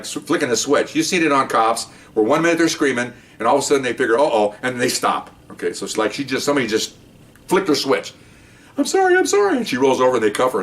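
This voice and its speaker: Older retired cop, rapid-fire anecdote telling, mid-pitched, acts out voices. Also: male voice. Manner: animated, acts out voices in the story. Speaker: retired police officer telling stories. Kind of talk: casual storytelling.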